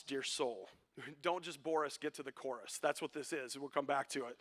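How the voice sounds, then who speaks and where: Male preacher, slightly high pitch, crisp bright tone, casual jokey sermon delivery. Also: lively intonation. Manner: joking, conversational, with quick asides. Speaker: pastor.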